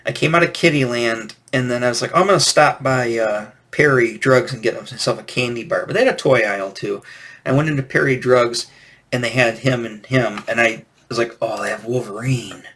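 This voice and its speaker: Speaking a little fast in a mid-range, slightly bright voice, the vlog's forties-aged toy collector host reminisces casually about the toys he had as a kid. His stories ramble, and he keeps correcting himself mid-thought.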